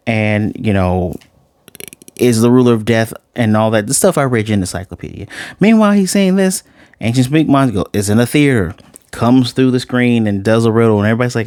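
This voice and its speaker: A man's voice: mid-range voice, a little mellow, no room sound, studio quality. A man giving a casual review and ranting bluntly, with swearing and lots of restarts. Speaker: anime reviewer.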